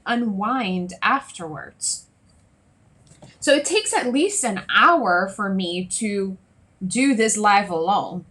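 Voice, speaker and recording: A woman coach talking to her viewers on a live stream, chatty and lively, often checking in with "right?" and "okay?". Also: fairly high pitch. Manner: lively, acts out little scenes in other voices. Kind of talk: solo Facebook Live talk to viewers.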